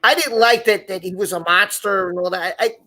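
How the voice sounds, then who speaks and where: A man's voice: sits high, a little fast, pushed and bright. Rambling male live-show host. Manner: rambling, repeats words and restarts. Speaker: podcast host. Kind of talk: casual live chat.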